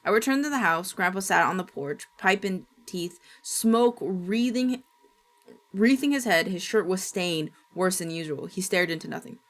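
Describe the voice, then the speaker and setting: A woman's voice: fairly low pitch, lively intonation, normal speed. Woman narrating a horror story. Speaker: streamer.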